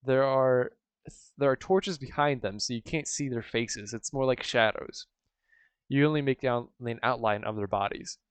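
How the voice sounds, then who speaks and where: Smooth-voiced man narrating a tabletop game. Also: medium pitch, moderate pace, no room sound. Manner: casual, rambling, many fillers. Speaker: game master.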